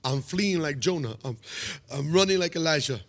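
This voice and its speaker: A man in his fifties, a pastor telling a personal testimony, animated and acting out dialogue, with frequent hesitations. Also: on the high side, moderate pace.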